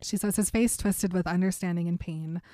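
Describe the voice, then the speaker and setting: A woman with a lowish voice chats casually, recapping a story and reading its lines aloud. She giggles often between passages. The sound is close and dry. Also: fairly even intonation, normal speed, dark tone, no echo. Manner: retells scenes with quotes, giggles often. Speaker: podcast co-host recapping a book.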